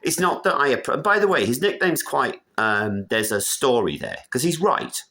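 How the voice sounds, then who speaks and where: A man's voice: medium pitch, big pitch swings, moderate pace, pushed and bright. A man delivering a blunt, opinionated monologue that wanders from point to point. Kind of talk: casual rambling monologue.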